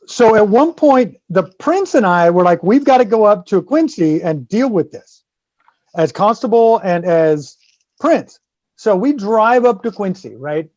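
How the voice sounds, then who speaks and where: A man's voice: high voice, animated, a little slow, a little mellow, dry recording. A man guest-hosting a casual podcast talks in a dull, lo-fi mic sound with a dry, close feel. He swears freely and acts out the people in his stories. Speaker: guest host.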